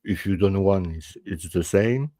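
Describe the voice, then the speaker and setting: A man with a French accent, a native French speaker hosting a panel podcast in casual chat, halting and restarting often. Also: sits low, mellow, no echo. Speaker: podcast host.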